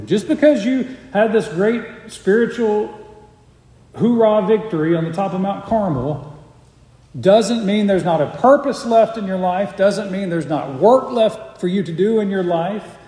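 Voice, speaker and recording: A man preaching a sermon, reading scripture aloud and explaining it earnestly, sometimes sinking to a soft hush. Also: sits high, expressive, unhurried. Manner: earnest, drops to a soft hush for quiet moments. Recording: echoey hall.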